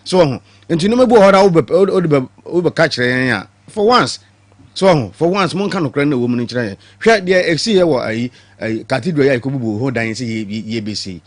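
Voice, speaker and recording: A man's voice: mid-range voice, expressive, brisk, dry recording. A man with a Ghanaian accent, arguing as a panelist in a heated TV debate, switching between English and Twi and repeating words for emphasis.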